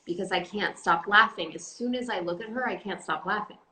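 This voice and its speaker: A woman chatting casually on a phone live stream, telling stories in an animated, giggly way. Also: medium pitch, a little fast. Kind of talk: casual chat. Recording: echoey room, faint noise.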